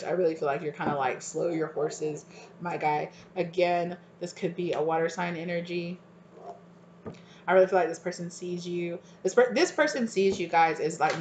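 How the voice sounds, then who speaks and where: Woman, tarot reader, casual rambling talk, fillers, slightly low voice, faint background noise. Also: roomy sound. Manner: chatty, loose, lots of fillers and repeats. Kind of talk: casual tarot reading to viewers.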